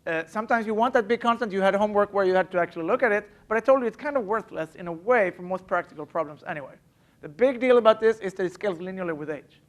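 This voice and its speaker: A university math lecturer giving a live classroom lecture, talking casually with many fillers and restarts and stressing the key points. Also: mid-range voice. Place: lecture hall.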